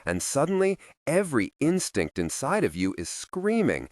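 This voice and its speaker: A man narrating an audiobook in a slow, expressive storytelling voice, recorded on a close studio mic. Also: mid-range voice, no room sound.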